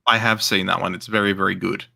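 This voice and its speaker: Man, lowish voice, bright edge, halting casual chat. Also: little pitch movement, creaky. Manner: halting, restarts often, joking.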